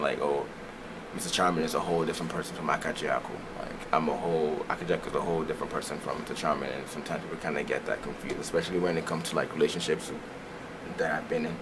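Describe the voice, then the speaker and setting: Deep-voiced young man, rambling radio chat. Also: background noise. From Nigeria. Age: young adult. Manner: loose, rambling, laughs loudly. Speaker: guest performer.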